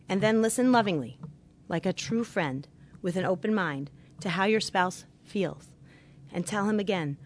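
Speaking at a measured pace with lively intonation, a middle-aged woman who works as a marriage therapist delivers earnest religious instruction on marriage. Her voice is mid-range, and she gently emphasizes her main points.

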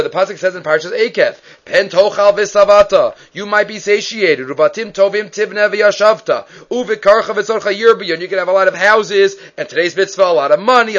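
Male Torah teacher, high voice, lively storyteller, muffled lo-fi sound. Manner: animated, acts out quotes, restarts often. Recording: dull lo-fi recording.

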